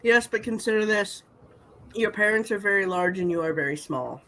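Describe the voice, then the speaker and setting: A woman co-hosting a casual chat, reading a story aloud and commenting with animated indignation. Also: medium pitch, normal speed, poor audio.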